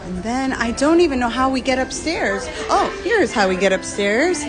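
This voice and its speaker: A woman giving an excited live room tour on a cruise ship, filmed on a handheld phone and out of breath at times. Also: sits high, normal speed, over music. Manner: excited, gasping and laughing. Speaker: cruise vlogger. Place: cruise ship cabin, indoors.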